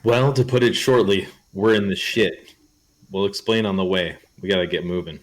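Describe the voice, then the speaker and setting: Blunt man role-playing at a tabletop game, very deep voice. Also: moderate pace, low-quality recording. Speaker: player. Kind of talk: in-character role-play.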